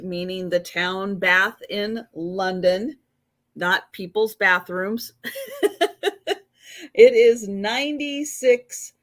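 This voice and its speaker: A woman co-hosting a live sale stream who speaks slowly and unhurriedly. She describes items in a matter-of-fact, casual way, with a mid-range voice. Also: medium pitch. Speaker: co-host and seller. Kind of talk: casual livestream chat.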